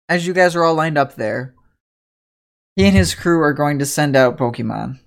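A man running a tabletop role-playing game as game master, narrating scenes and describing creatures in a relaxed storytelling manner. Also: a little high. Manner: relaxed storytelling, slipping into character voices.

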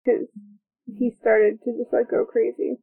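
A woman co-hosting a casual chat about a film she is watching, excitable and reading out her notes. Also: a little high, a little slow, vocal fry, slightly rough. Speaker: podcast co-host. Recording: tinny phone-like sound.

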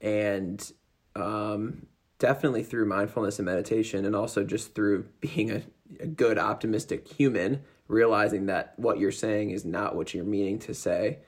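A man's voice: lowish voice, steady tone, moderate pace, slightly rough. Man hosting a casual interview. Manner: rambling questions with many fillers. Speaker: podcast host.

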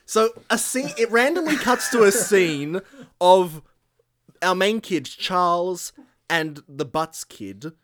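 A man co-hosting a casual film-review podcast, making relaxed, wry remarks. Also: sits high, slow. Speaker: podcast co-host.

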